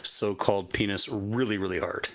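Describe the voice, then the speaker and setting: A man's voice: on the low side, fairly even intonation, moderate pace, over a noisy crowd. A man co-hosting a casual live chat, blunt and sarcastic with frequent swearing. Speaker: co-host.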